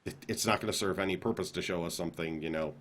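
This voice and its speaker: A man co-hosting a casual gaming podcast, explaining things with emphasis and quick restarts. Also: sits low, a bit bright. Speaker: podcast co-host.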